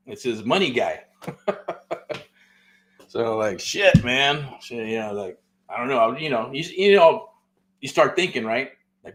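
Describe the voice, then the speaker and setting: A man's voice: mid-range voice, lively intonation, a little slow, a bit bright. A middle-aged man, hosting a real estate show and telling a story in loose, profane casual talk, full of "right?" and "man.".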